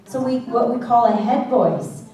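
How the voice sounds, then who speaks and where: A woman vocal coach with a somewhat high voice teaches a singing class, chatty and checking in with her students often. She is picked up from across a very echoey room, with faint ambience behind her. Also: measured pace, mellow, recorded from a distance, a little hiss or hum. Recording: echoey classroom recorded from afar.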